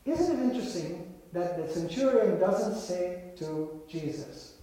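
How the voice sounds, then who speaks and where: A man preaching a sermon in a measured, emphatic way with dramatic pauses, heard in a large hall. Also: sits high, lively intonation, dark tone. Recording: echoey hall.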